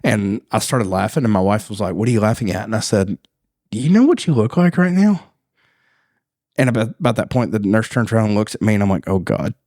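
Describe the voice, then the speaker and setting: A man's voice: lowish voice, fast talker, few pauses, darkish tone, no echo, studio quality. A man co-hosting a podcast, telling a story in casual chat and laughing often. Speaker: podcast co-host.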